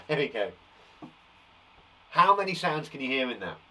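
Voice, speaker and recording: A man from England leading a live phonics lesson for young children, sounding out words slowly with a blocked nose and an encouraging manner. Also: mid-range voice, sing-song, bright, forceful tone. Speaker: primary school teacher.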